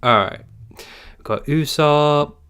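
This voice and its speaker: A man's voice: a little high, slow, fairly bright tone, clear, resonant tone. Rambling, chatty male live streamer. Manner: rambling, self-interrupting, apologetic and jokey. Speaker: streamer hosting a discussion. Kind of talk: casual live-stream chat.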